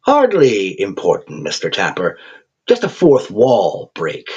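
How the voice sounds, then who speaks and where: A man's voice: low voice, wildly swooping pitch, slow, a little mellow, breathy edge, full character voice. A man voicing a gleeful raven-headed male demon game show host, crooning and mocking with an English accent. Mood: taunting. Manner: cheerful crooning showman, mocking. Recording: dull lo-fi recording.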